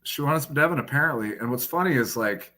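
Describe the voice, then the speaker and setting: Bright-voiced man telling a profane story. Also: mid-range voice, fast. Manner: profane, lively anecdote-telling with quoted dialogue. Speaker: podcast guest. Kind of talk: casual storytelling.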